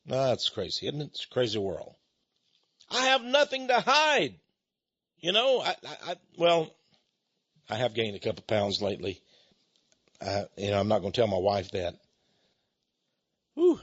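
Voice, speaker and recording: An older man delivers a rambling, folksy sermon, slipping into chuckling asides. His husky voice sits fairly high and rises and falls a lot. The recording is dull and lo-fi. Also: animated, normal speed, long pauses. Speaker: preacher with a ministry.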